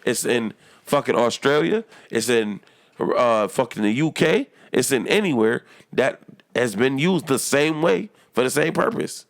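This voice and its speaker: Gravelly, heated man arguing a point. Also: medium pitch, expressive, measured pace. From United States. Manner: emphatic, heated and profane. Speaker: podcast co-host. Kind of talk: casual podcast debate.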